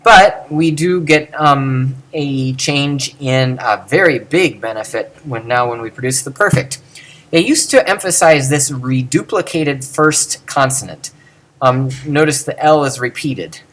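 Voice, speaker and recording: A man gives a home-recorded lesson on Greek pronunciation at his computer. He thinks aloud as he goes, halting with fillers and restarting sentences as he works through examples. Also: medium pitch, fairly bright tone. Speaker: teacher.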